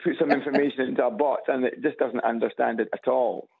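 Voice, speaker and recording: A man's voice: medium pitch, fairly even intonation. Scottish man calling in on a tinny phone. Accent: Edinburgh Scottish. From Scotland. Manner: halting, repeats words, dry humor. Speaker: radio caller. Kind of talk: casual phone-in chat. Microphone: phone on loudspeaker. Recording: gravelly voice over a tinny phone line.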